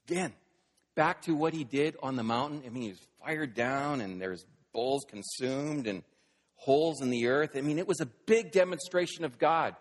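A man preaching a sermon, dramatic, moving between hushed quiet lines and loud scripture reading. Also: medium pitch, normal speed. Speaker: pastor. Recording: long reverb of a large hall.

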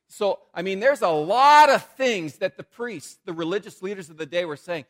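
A man preaching a sermon as a pastor, in a conversational, animated way with frequent repetitions. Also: sits high, normal speed, hardly any pauses.

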